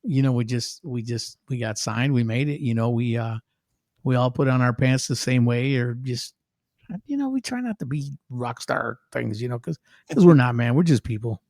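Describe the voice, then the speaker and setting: A man's voice: medium pitch, normal speed, no echo, studio quality. A middle-aged man, a guest musician, telling stories in casual chat and acting out other people's lines in a raised voice. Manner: animated, acts out quotes in a raised voice.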